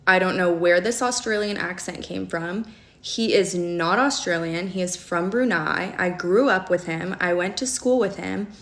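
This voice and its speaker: A woman's voice: on the low side, normal speed, a bit bright. A young woman telling a personal story in casual storytime style, emphatic and often checking in with "okay?". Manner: emphatic, peppers talk with "okay?" and "like". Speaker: storyteller in a video clip.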